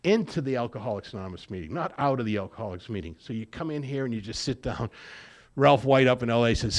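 A man's voice: medium pitch, lively intonation, quick pace. A man giving a personal testimony at a recovery meeting, plain-spoken, repeating phrases for emphasis and acting out what others said. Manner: storytelling with acted-out quotes.

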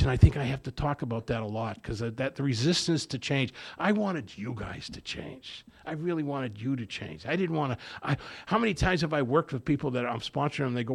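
A man's voice: mid-range voice, expressive, fairly quick, creaky, hardly any pauses. A man giving a personal testimony to a recovery group, telling his story with humor and acting out the dialogue. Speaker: recovery meeting speaker.

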